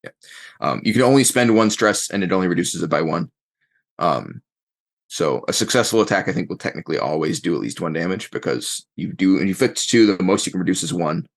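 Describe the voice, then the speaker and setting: Man, game master, very deep voice, rambling, thinking aloud. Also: expressive, fairly quick, gravelly. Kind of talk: narrating a tabletop game.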